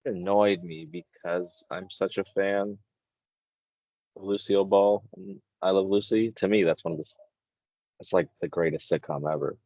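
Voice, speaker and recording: A man's voice: sits low, fairly even intonation, normal speed, a little mellow, no room sound, highs cut off. A man co-hosting a podcast, talking bluntly and swearing freely in casual chat. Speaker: podcast co-host.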